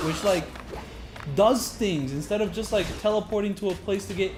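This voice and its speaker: Excitable gamer with a lively voice. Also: medium pitch, normal speed. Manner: excitable, rambling, laughs at own jokes. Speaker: gamer playing through a game. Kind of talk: casual let's-play commentary. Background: game music and sounds.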